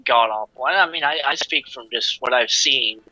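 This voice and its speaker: A man's voice: mid-range voice, moderate pace, sharp tone, dry recording, highs cut off. A man in a casual chat about gaming who speaks frankly, with hesitant fillers.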